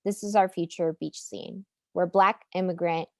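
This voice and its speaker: A woman's voice: lowish voice, steady tone, normal speed, dry recording. A woman artist giving an earnest, impassioned presentation over a video call. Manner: earnest, impassioned, rising to a rallying close. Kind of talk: prepared presentation in a webinar.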